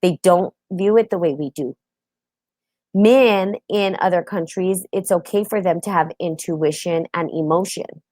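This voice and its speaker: An open, chatty woman hosting a casual live stream and greeting viewers by name. Her voice sits a little low, and the room is dry and close. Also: a little slow, mellow, dry recording. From United States. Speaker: host.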